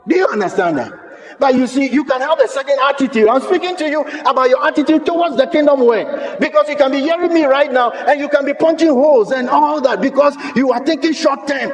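A man preaching a sermon as pastor, impassioned, at times shouting and mimicking doubters. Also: very high-pitched. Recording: echoey hall with long reverb.

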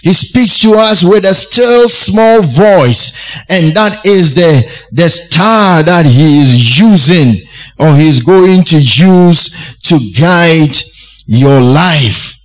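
Male preacher, fairly high voice, slow measured delivery, emphatic repetition. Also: expressive, low-quality recording. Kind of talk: sermon.

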